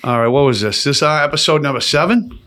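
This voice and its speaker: Man, 50s, podcast host, animated, profane storyteller. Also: on the high side, fast talker. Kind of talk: casual storytelling chat.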